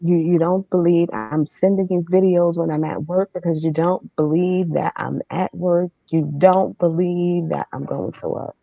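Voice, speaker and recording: A woman's voice: fairly low pitch, steady tone, a little slow, creaky, few pauses, no echo. A woman telling her own story as a guest, in a candid, matter-of-fact way with casual fillers. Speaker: podcast guest. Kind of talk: personal storytelling. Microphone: remote streaming setup. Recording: dull lo-fi online stream.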